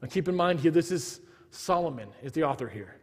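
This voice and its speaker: A man's voice: fairly high pitch, lively intonation, fairly quick, husky. Preacher man in a reverberant hall. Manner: earnest storytelling, acts out dialogue. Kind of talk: sermon.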